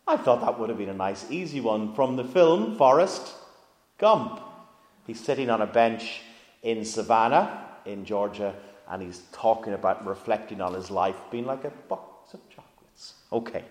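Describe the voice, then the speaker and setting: A man's voice: lowish voice, normal speed. A male pastor preaching a sermon in a church, in a conversational way, putting questions to the congregation. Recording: echoey church hall reverb.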